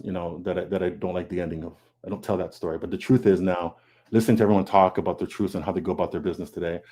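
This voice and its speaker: Deep and mellow, the voice belongs to a man guesting as a comic artist on a video call panel. He speaks with earnest candor, repeating words and quoting what he thought.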